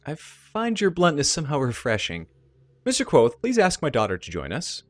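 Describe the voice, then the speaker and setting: A man voicing a cold, wealthy corporate father who speaks formally and in measured tones. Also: fairly high pitch, huge pitch swings, dry recording, soft background music, voice pushed up.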